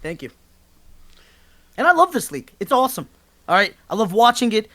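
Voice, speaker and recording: A man co-hosting a sports podcast, ranting passionately and emphatically, with swearing and bursts of near-shouting. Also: sits high, very animated, fairly quick. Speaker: podcast co-host. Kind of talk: heated sports talk rant.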